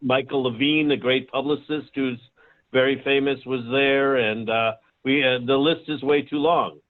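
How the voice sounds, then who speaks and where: A man speaking as a producer guest on a video call, halting and full of fillers. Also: medium pitch, fairly even intonation. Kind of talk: casual talk on a video call. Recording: tinny phone-like call audio.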